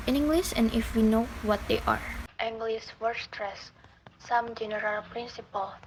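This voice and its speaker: A young woman whose first language is Indonesian reads an academic lesson aloud with an Indonesian accent, careful and a bit halting, making small grammar slips. Her voice is a little high, and there's faint background noise in the recording.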